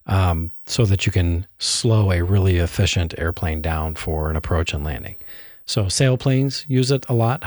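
A man's voice: fairly low pitch, darkish tone, no echo, studio quality. A man co-hosting a hobby podcast, chatting casually and explaining things with many fillers and restarts. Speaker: podcast co-host.

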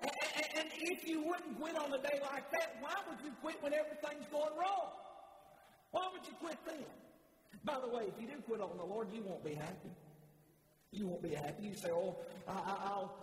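A man's voice: extremely high pitch, normal speed. A man preaching a sermon in a church, fervent and repetitive, often stammering and restarting his words. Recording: echoey hall with faint noise.

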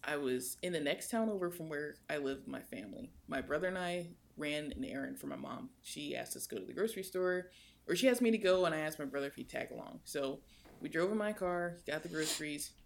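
Young woman, podcast co-host, gravelly fry, lively storyteller. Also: a little fast. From United States. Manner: animated, swings in pitch while telling a story. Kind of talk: casual storytelling chat.

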